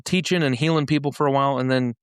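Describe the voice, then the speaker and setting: A man's voice: mid-range voice, fairly even intonation, quick pace, smooth, no room sound, clean studio sound. A man in a casual podcast conversation, retelling scripture stories in everyday slang and often restarting his sentences. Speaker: podcast speaker explaining a faith-based framework. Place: podcast studio in Utah.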